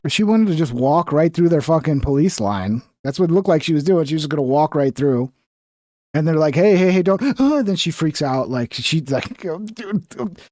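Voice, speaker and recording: A man's voice: a little high, sing-song, normal speed, a little mellow, no echo, studio quality. A young man giving heated, profane commentary while reacting to news clips. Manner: heated, profane, exasperated ranting.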